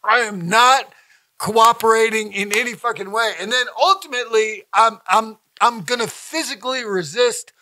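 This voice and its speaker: High, bright-voiced swearing comedian. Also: male voice, normal speed, no room sound. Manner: profane, blunt and emphatic, heavy swearing; repeats himself for emphasis, laughs mid-sentence. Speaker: stand-up comedian guest. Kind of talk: casual podcast conversation.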